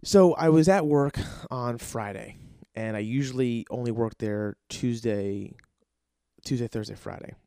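A man's voice: medium pitch, measured pace, smooth, dry recording. Young guy podcast host rambling thru a story, swears a lot, dry close sound. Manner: excitable, profane, rambling with restarts. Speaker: podcast host and aspiring comedian. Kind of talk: casual comedic storytelling.

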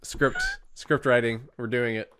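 A man's voice: medium pitch, steady tone, measured pace, a bit bright, slight background noise. A man co-hosting a podcast, chatting casually and making jokes. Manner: joking, laughs often. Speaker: podcast co-host. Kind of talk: casual chat.

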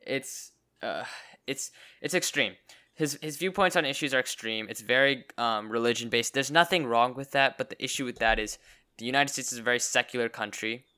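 A man's voice: mid-range voice, a little fast, sharp tone, clear, resonant tone. A young man in casual chat as a podcast co-host, stammering and restarting his sentences often.

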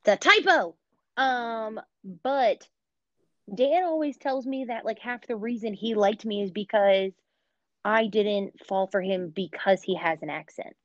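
An American woman co-hosting a podcast, chatting casually with lots of "like" and quick laughs. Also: medium pitch, a little mellow, dry recording, highs cut off. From United States. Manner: chatty, filler-heavy, laughs often. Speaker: podcast co-host. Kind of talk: casual chat.

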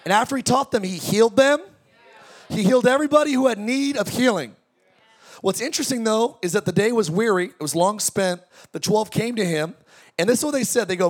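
A man preaching a lively sermon to his congregation, joking and calling out questions to the crowd. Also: high-pitched, brisk. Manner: energetic, joking preaching with audience call-outs. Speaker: pastor. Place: large tent church.

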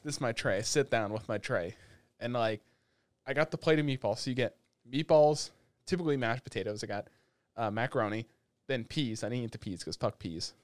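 Man, podcast co-host, casual ranting story, mid pitch, dry close sound. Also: fairly quick, no echo.

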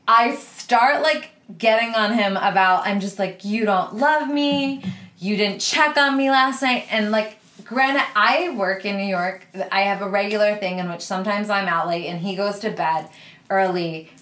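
A woman's voice: medium pitch, fairly bright tone. A woman podcast host telling a story in a casual way, laughing often and swearing freely. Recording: roomy echo.

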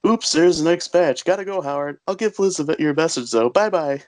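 A man's voice: a little high, animated, brisk, darkish tone, pitched above the performer's own voice, natural voice. A man voicing an overly cheerful, cookie-obsessed male house guest who gushes in a sing-song, oblivious way. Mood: gushing.

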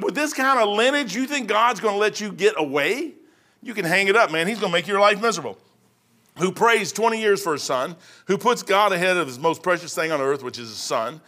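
A man's voice: fairly high pitch, fairly bright tone. An older man preaching a sermon in a folksy, rambling way, acting out the people in his stories. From Kentucky. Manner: folksy, rambling, acts out Bible figures in quick voices.

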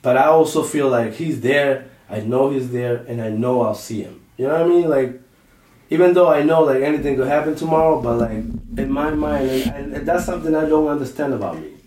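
A man's voice: medium pitch, fairly quick. A man co-hosting a comedy podcast, chatting casually and animatedly with lots of slang and repetition. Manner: animated, repeats himself, slang-heavy. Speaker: podcast co-host. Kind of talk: casual chat. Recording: roomy echo, mic at a distance.

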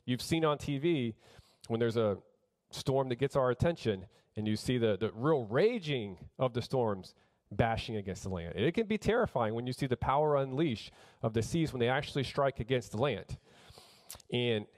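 A middle-aged man delivers a sermon with earnest conviction. He builds emphasis by repeating phrases and often restarts his sentences mid-thought. His voice sits at an ordinary middle pitch. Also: darkish tone. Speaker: pastor.

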